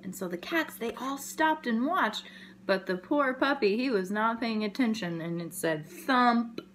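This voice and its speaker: A woman educator reading a picture book aloud to young children, telling the story gently and expressively and adding sound effects. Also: a little high, expressive, moderate pace, slight background noise.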